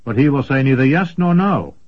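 A man voicing an earnest young male apprentice sorcerer, speaking higher and more hesitantly than in his narration. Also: animated, fairly quick, lightly acted. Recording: dull lo-fi recording.

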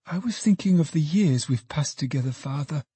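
A man reading an audiobook, voicing a gentle young woman who is soon to be married, speaking softly and tenderly to her father. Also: fairly high pitch, expressive, normal speed, husky, no echo, pitched above the performer's own voice. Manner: soft, tender and teasing. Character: young woman, gentle bride-to-be, affectionate daughter.

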